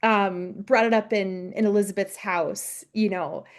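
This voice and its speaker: A woman's voice: mid-range voice, steady tone, unhurried. A woman co-hosting a podcast, chatting casually about a TV episode, gushing, laughing often and acting out characters' lines. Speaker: podcast co-host. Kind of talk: casual chat recapping a TV episode.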